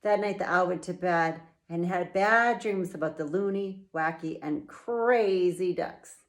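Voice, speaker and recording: A middle-aged woman and children's author reading her picture book aloud, with slow, playful, expressive storytelling. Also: fairly low pitch.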